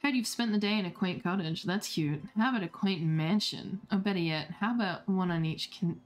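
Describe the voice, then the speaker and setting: A woman putting on a lowered voice to play a smug, muscular male trapper who brags and flirts. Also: brisk, natural voice.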